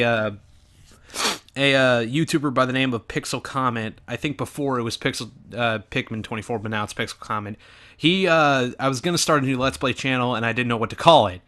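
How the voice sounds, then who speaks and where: Bright-voiced young man, self-mocking. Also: mid-range voice, a little fast. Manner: self-mocking, rambling asides. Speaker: gaming channel host. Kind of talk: casual commentary over an old video.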